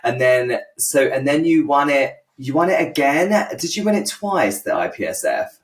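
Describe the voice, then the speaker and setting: Male host, casual and animated anecdote teller, roomy echo. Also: mid-range voice, normal speed, distant mic. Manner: animated, acts out his own anecdotes. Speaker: podcast host. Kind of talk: casual interview chat.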